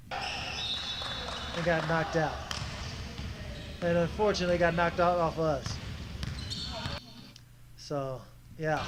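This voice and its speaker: Slightly high-pitched, a man talks over background noise as he casually reviews footage of his own basketball game. He's frustrated and picks apart his teammates' play with an animated, coach-like critique.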